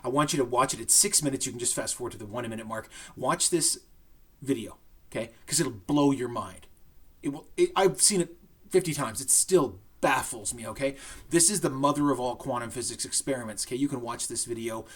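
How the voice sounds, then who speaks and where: A middle-aged man, a high school English teacher giving a recorded lesson to his students in a conversational way, often checking in with "right?". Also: brisk, a bit bright, slightly rough. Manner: conversational, with frequent "right?" check-ins and restarts.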